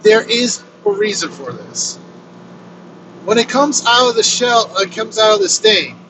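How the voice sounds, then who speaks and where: A man casually telling his own story on a road trip vlog, animated and swearing freely. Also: sits high, measured pace, poor audio. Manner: animated, swears freely, acts out quoted lines. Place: inside a moving vehicle on a road trip. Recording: road noise from a moving vehicle.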